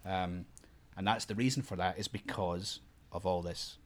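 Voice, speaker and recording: Aussie guy, lowish voice, explaining stuff slowly, lots of restarts. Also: fairly even intonation. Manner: halting, restarts while explaining. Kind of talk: casual explaining chat with a child.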